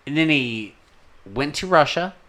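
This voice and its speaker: A man's voice: a little high, lively intonation, unhurried, over a noisy crowd. Profane, rambling man on a podcast. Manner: profane, rambling, talks with his hands. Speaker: podcast co-host. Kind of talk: casual chat recapping a film. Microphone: desk microphone.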